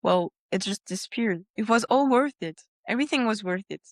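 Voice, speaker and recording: A woman guest on a podcast telling her personal story earnestly, breaking into animated retellings and laughter. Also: medium pitch, brisk, no echo, studio quality. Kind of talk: personal testimony in a conversation.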